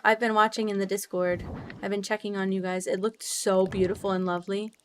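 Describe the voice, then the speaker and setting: A young woman chatting casually with her viewers while playing a game, bubbly and quick to laugh, swearing freely with sudden high squeals. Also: little pitch movement, smooth. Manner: bubbly, swears freely, laughs often, big jumps in pitch. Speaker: streamer. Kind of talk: casual livestream chat while gaming.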